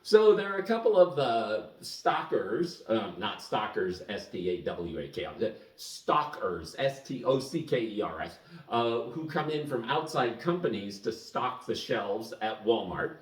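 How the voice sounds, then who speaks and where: A man telling a story to the camera in a casual, animated way, chuckling as he goes. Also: on the low side, unhurried. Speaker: vlogger. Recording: echoey room, mic at a distance.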